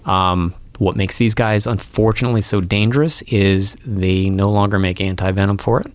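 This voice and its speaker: Low-voiced man explaining patiently. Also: steady tone, moderate pace, dry recording. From Florida. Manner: explanatory, patient, many ums and restarts. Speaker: guest wildlife removal expert. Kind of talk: casual studio interview. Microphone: studio mic.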